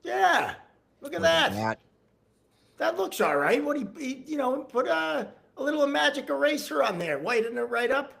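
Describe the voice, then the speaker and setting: A man's voice: very high voice, very animated, normal speed, creaky, a bit bright. A man co-hosting a casual podcast, who jokes often and laughs readily. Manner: laughs often, jokey banter. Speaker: podcast co-host.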